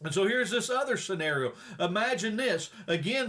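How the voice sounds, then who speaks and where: A man's voice: high voice, lively intonation, normal speed, hardly any pauses, bright, forceful tone. A male preacher giving a folksy, plain-spoken sermon with frequent hesitations.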